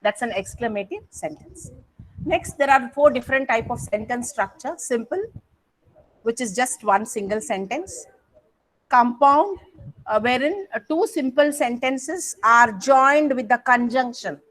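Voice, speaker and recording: A woman's voice: fairly high pitch, expressive, unhurried, fairly bright tone, poor audio. A woman with an Indian English accent teaching English grammar in an online coaching class, coaxing students to respond, with frequent fillers and self-corrections. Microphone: video call.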